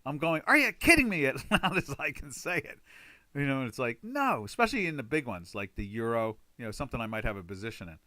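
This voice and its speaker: Man, bright forceful voice, dry close sound, casual rambling webinar host. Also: mid-range voice, expressive, fast, no echo. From United States. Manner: chatty, rambling, exclaims loudly in frustration. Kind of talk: casual live webinar talk.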